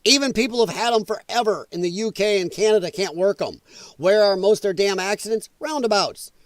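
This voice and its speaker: A Midwestern man hosts a casual livestream from home with a dog nearby, reacting to viewer comments in a loud, profane way and laughing often. His voice is high and a little fast, and the recording is dry.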